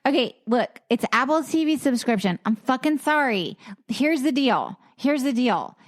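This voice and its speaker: A woman's voice: high voice, lively intonation, moderate pace. Candid woman co-host, casual chat. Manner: candid, swears, laughs often. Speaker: podcast co-host.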